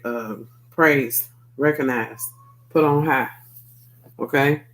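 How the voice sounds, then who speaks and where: Gravelly man giving a tarot reading. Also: mid-range voice, poor audio. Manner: loose and profane, tags lines with "okay?". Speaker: tarot reader.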